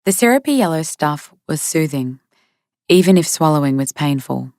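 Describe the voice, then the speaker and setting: A woman narrating an audiobook in a measured, steady manner into a close studio mic. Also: low voice, dry recording. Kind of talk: scripted narration.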